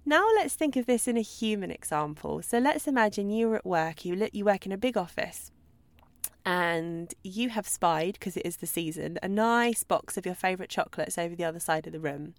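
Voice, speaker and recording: A woman hosting a solo podcast as a dog trainer, talking in a chatty, lively way and acting out examples. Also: fairly low pitch, normal speed, no room sound. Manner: chatty, animated, acts out babbling owner voices.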